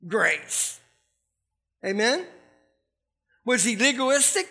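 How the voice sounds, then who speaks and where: A man with a notably high voice delivers a sermon. He keeps it loose and conversational, chuckling as he goes and checking in with the congregation. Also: animated, takes it slowly, pauses often, bright, forceful tone. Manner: conversational, laughs often, asks the congregation questions. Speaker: preacher.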